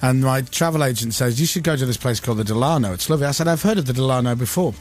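A man's voice: mid-range voice, very fast, darkish tone. A man hosting a casual chat, playful and telling stories with put-on voices. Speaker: host.

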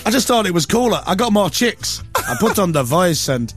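A man's voice: high voice, very animated, extremely slow, sharp tone, faint music behind, pitched above the performer's own voice, full character voice. A man playing a guest's cheeky father who owns up to being from a northern town. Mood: boastful. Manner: cheeky, boastful. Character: a guest's bragging father who says he is from Barnsley.

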